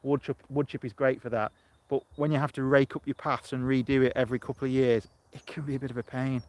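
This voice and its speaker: A man's voice: mid-range voice, level tone, quick pace, a little mellow. Chatty middle-aged man live on his allotment. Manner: rambling, chatty, answers viewer comments. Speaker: allotment vlogger. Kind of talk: live-streamed casual chat. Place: outdoors on an allotment. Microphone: phone camera.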